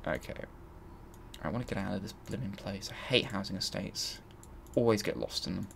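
Man, gravelly voice, lowish pitch, muttering game commentary. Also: expressive, fairly quick, a little hiss or hum. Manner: thinks aloud, mutters and grumbles while searching. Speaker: gaming channel host. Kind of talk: let's play commentary.

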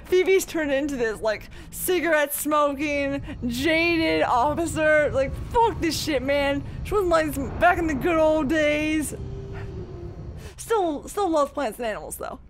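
A man's voice: extremely high pitch, unhurried, a bit bright, faint music behind. A man casually commenting on his video game play, chatty and swearing freely as he reacts aloud. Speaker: let's play gamer.

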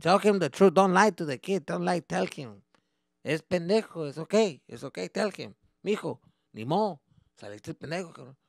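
A man voicing his irritated, tired father, who shouts scoldings in Spanish after work. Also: sits high, lively intonation, moderate pace, gravelly, dry recording, studio quality, pitched above the performer's own voice. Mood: blunt.

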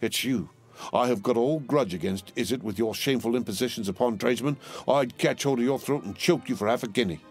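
A man voicing a threatening, blunt middle-aged London porter who speaks in rough, uneducated speech. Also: mid-range voice, a little fast, soft background music, voice pushed up, lightly acted. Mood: menacing.

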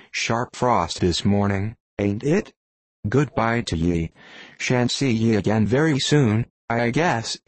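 A man's voice: mid-range voice, darkish tone, dry recording. A man voicing a cryptic, ragged old sailor with an ominous, rambling way of talking.

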